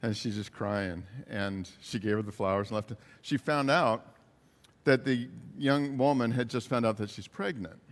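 A man's voice: mid-range voice, moderate pace. Man preaching in a reverberant hall. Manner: earnest, retells stories with quoted dialogue. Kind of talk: sermon storytelling.

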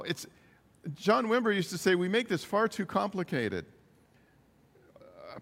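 A man's voice: high voice, vocal fry, a bit bright, big-room sound. A man preaching a sermon, earnestly retelling stories with quoted dialogue. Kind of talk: sermon storytelling.

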